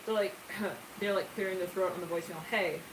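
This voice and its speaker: A woman's voice: on the low side, fairly even intonation, fast. A woman giving a casual, channeled tarot reading in a chatty, giggly way, with frequent asides. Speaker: tarot reader. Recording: roomy, distant mic with background noise.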